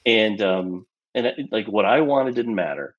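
A man being interviewed as a guest, telling a personal story in an animated way with lots of casual fillers. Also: on the low side, unhurried, muffled recording.

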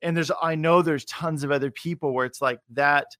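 A young man hosting a faith interview, talking in an energetic, encouraging, rambling way with many fillers. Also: on the high side, brisk, dry recording, clean studio sound. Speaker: podcast host. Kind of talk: animated faith interview chat.

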